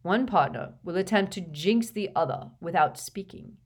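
A woman's voice: lowish voice, expressive, slightly rough. Snape, a woman doing a sneering male professor. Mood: cold disdain. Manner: dismissive, slow and cutting.

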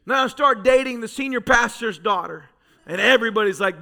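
Pastor guy preaching in church, really high voice, fired up, gets quiet then yells. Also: a little fast, creaky. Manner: fervent, storytelling preacher who swings from soft to shouting. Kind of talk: sermon. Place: church sanctuary.

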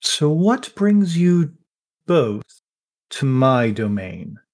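Smug courtly fey harpist, put on by a male game master, languid and unhurried. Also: mid-range voice, very animated, darkish tone, full character voice.

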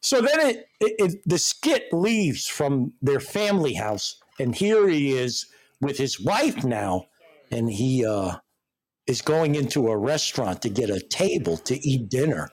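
A man's voice: medium pitch, very animated, a little slow, husky. A man hosting a casual chat, telling rambling, profane stories. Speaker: host.

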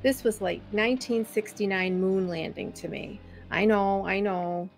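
A woman's voice: medium pitch, fairly even intonation, unhurried, faint music behind. A woman reading a first-person memoir chapter aloud as a podcast co-host.

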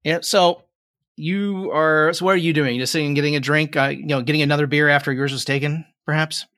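A man's voice: on the high side, fairly even intonation, brisk, a bit bright, no room sound, studio quality. A man narrating a tabletop game as game master, in a casual, rambling way with lots of fillers.

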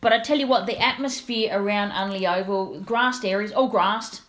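A woman's voice: mid-range voice, moderate pace, a bit bright. A woman, co-hosting a casual sports chat, chatty and rambling, often laughing. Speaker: co-host.

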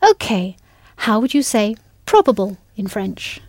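A woman's voice: mid-range voice, very animated, unhurried, no room sound, studio quality. A woman teaching a language in a scripted audio lesson, patient and encouraging, spelling words out letter by letter.

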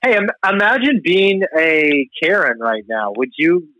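A man's voice: on the high side, sing-song, a little slow, no echo, lo-fi sound. A man guesting on a podcast, chatting casually with dry, offhand humor. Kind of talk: casual chat.

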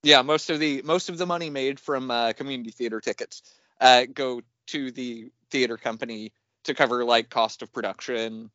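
Bright-voiced man telling a funny story. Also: mid-range voice, moderate pace, no room sound, highs cut off. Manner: animated, laughs often. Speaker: podcast co-host. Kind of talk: casual chat, storytelling. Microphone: remote call mic.

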